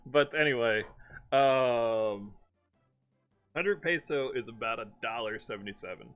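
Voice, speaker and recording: A young streamer from Maryland, USA chats casually on a live stream, laughing often and slipping into playful impressions as he tells stories. His mid-range voice is fairly bright and measured in pace, with soft music in the background.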